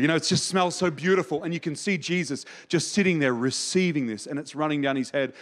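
A man preaching a sermon with passion, moving between raised, urgent delivery and quiet, hushed storytelling. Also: a little high, quick pace, hardly any pauses. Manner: impassioned, swings from raised to hushed.

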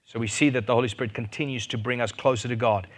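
Man, preacher, sermon, animated, loud fervent peaks, questions the audience, mid-pitched voice. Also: quick pace. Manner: asks the audience questions and jokes.

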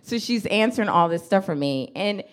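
A woman comedian, telling a personal story on stage and acting out her own lines with laughs. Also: normal speed. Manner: animated, acts out her own quotes with big pitch jumps and laughs. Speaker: stand-up comedian. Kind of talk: live stand-up storytelling.

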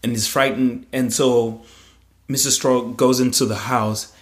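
A man's voice: medium pitch, steady tone, measured pace. A man telling a personal story in conversation, retelling it vividly in the present tense with frequent fillers. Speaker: guest.

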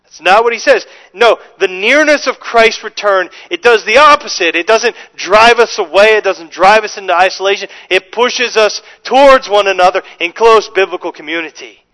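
A male pastor with a noticeably high voice delivers an earnest, emphatic sermon. He restarts sentences with repeated words and slows right down to lean on the phrases he wants to land. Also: bright, forceful tone, low-quality recording. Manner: slows down to stress scripture phrases.

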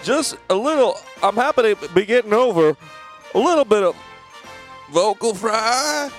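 A man doing a halting, upspeak President Obama. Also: sits high, expressive, faint music behind. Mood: mock-presidential. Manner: stammering, halting delivery with drawn-out pauses. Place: apartment.

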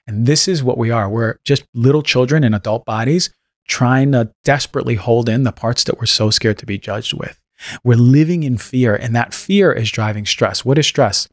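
A man's voice: medium pitch, normal speed, dry recording, studio quality. A man speaking as a podcast guest in impassioned casual talk, stressing words and acting out quoted voices. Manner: emphatic, acts out quoted voices. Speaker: podcast guest, health practitioner.

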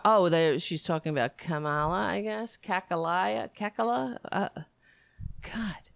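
A woman's voice: on the low side, measured pace, gravelly, no echo. A woman giving ranting political commentary, heated, sarcastic and swearing freely.

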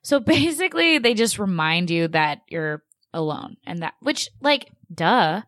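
A young woman co-hosts a casual podcast in a slightly low voice. She talks in a chatty, sarcastic way and scatters "like" through her sentences. The sound is dry and close. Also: big pitch swings, normal speed, fairly bright tone, no room sound. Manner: chatty, sarcastic, says "like" a lot. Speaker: podcast co-host.

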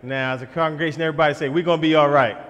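A man's voice: on the high side, fairly even intonation, rapid-fire, background noise. A man performing spoken-word poetry in a church, rhythmic and leading call-and-response. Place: church sanctuary. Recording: long reverb of a large hall.

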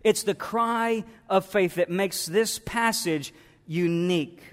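A man preaching a sermon as pastor to his church, moving from quiet reflection to loud, fervent preaching. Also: sits high, slow pace, long reverb tail. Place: church sanctuary.

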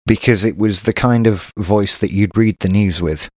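A British man with a low voice talks through a podcast in easy, rambling chat. He restarts his sentences a lot. The sound is dry and close. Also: normal speed, darkish tone, no echo. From Britain. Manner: chatty, self-interrupting. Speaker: podcast co-host. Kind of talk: casual chat.

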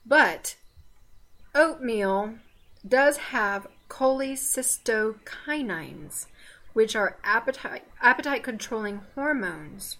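A woman's voice: on the high side, expressive, takes it slowly, a bit bright. A woman with a Southern American accent co-hosting a casual faith podcast, chatty and digressive with teasing asides. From Southern United States. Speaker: podcast co-host.

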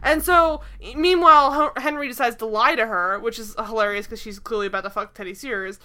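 A woman's voice: on the high side, a little fast, bright, forceful tone. A young woman co-hosting a casual show, recapping an episode with sarcastic, profane asides. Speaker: podcast co-host.

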